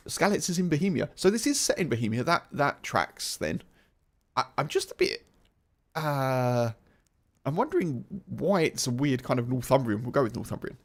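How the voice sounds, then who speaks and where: A man's voice: on the high side, very animated, moderate pace. A man in his forties from England, chatting and musing with hesitant restarts as he comments on a game playthrough. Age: 40s. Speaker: gaming YouTuber.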